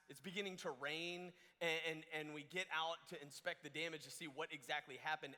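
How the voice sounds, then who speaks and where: Young male camp speaker, high bright voice, lively story sermon, long hall reverb. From Georgia, US. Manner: animated, many restarts and fillers.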